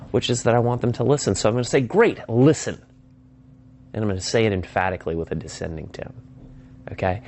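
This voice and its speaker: A man with a fairly low voice teaches phone sales in an instructional talk. He speaks emphatically and acts out sample lines of a call. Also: a little mellow, slight background noise. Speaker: sales trainer.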